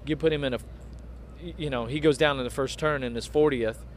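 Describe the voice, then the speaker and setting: A man's voice: mid-range voice, fairly even intonation, brisk, a little hiss or hum. A middle-aged man, a former motocross racer, rambling through stories in a casual interview outdoors at a race track. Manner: rambling, storytelling.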